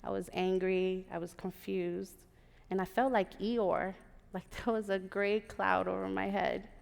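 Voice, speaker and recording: A woman in her thirties tells a personal story to a live theater audience, animated and acting out the other people's voices. Her pitch sits in the middle range, and the stage mic carries a long hall echo. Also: measured pace, creaky. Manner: lively, animated, acts out quoted voices. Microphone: stage microphone.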